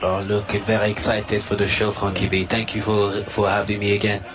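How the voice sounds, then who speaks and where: A man's voice: fairly low pitch, little pitch movement, a little fast, over music. A man speaking English with a French-tinged accent, a playful, joking podcast panelist who drops French words. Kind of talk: casual podcast chat.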